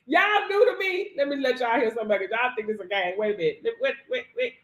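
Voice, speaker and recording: A woman coach talking to viewers on a live stream, animated and slangy, laughing often. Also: a little high, fast talker. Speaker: business credit coach. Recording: roomy echo.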